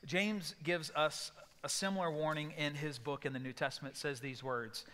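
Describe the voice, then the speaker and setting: Guy pastor preaching, kinda high voice, tells stories and yells out the lines sometimes. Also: steady tone, moderate pace, few pauses, big-room sound. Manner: storytelling with sudden acted outbursts. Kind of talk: sermon. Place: church sanctuary.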